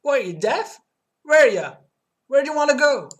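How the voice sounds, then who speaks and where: A woman voicing a brash male New York cab dispatcher in a put-on New York accent, loud and pushy. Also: high voice, sing-song, normal speed, voice pushed up.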